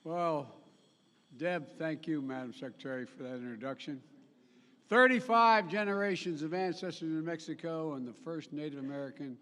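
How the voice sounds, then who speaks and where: A man's voice: on the high side, normal speed, fairly bright tone. A man giving a formal public speech as a national leader, emphatic, with repetitions, restarts and joking asides. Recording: long reverb.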